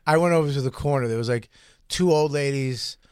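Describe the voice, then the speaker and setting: A young man co-hosting a comedy podcast, telling crude stories in an animated way. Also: mid-range voice, brisk, clear, resonant tone, no room sound, clean studio sound. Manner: animated storyteller. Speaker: podcast co-host.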